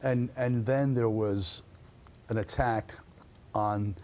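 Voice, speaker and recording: Brief: male interviewer, calm and deliberate, somewhat low voice. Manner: measured, lists accusations, hesitant fillers. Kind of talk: sit-down interview.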